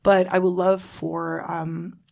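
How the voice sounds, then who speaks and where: A woman's voice: on the low side, flat delivery, slow pace, creaky. A woman in her thirties from Florida, hosting a casual podcast chat, bubbly and laughing often, swearing freely. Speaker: podcast host.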